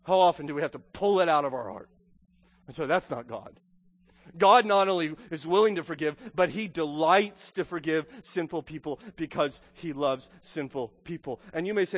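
A man's voice: fairly high pitch, normal speed, fairly bright tone. A man preaching a sermon as pastor, earnest, repeating words and building to emphatic questions. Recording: long hall reverb.

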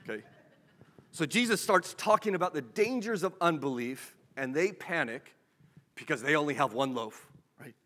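A man's voice: a little high, lively intonation, moderate pace, fairly bright tone, in a large hall. A man preaching a sermon as pastor, conversational, asking rhetorical questions and checking in with the listeners.

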